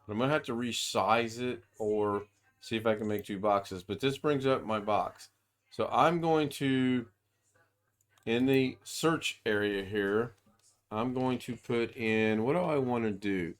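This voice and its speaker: A man's voice: mid-range voice, unhurried. A man giving a casual screen-share tutorial over a video call, thinking aloud as he goes and rambling with frequent restarts. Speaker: software demonstrator.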